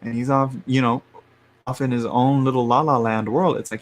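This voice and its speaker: A man's voice: medium pitch, a little slow, long pauses. A man doing a casual live-stream tarot reading, chatty and frank, laughing often and sometimes dropping to a murmur. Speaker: tarot reader.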